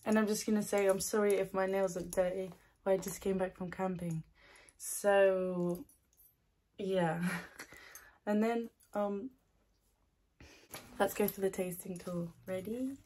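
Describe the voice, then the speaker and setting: A woman's voice: mid-range voice, steady tone, slow pace, long pauses, mellow. A woman chatting casually at home as she tastes snacks, bubbly and giggly, gushing and often laughing, not on her usual ASMR mic. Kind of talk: casual chat tasting snacks. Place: her new house, indoors.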